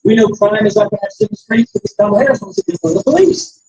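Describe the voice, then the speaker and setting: High, lively man giving a rally speech. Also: racing, creaky, noisy background. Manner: animated storyteller who acts out the quoted voices. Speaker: campaign rally speaker. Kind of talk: political rally speech with anecdotes. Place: restaurant campaign stop.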